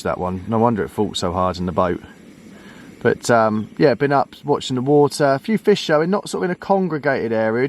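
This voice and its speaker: A relaxed, chatty man talks to camera at a lakeside fishing spot, voice at a middle pitch. A faint outdoor hiss sits behind him. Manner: relaxed, chatty, uses "mate" a lot. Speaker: vlogger and angler. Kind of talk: casual fishing vlog chat.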